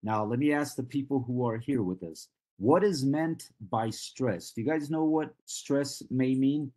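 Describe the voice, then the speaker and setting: A male English teacher giving a live class at an unhurried, deliberate pace. His voice has a slightly husky edge. He explains patiently and often stops to check that the students follow. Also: medium pitch, mellow. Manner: patient, asks the class questions and checks understanding. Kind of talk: live online class lecture.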